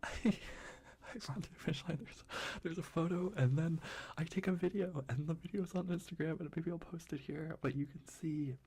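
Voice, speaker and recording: Breathy whispering man rambling ASMR. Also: fairly high pitch, moderate pace. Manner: soft whisper, rambling and full of restarts. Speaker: ASMR creator.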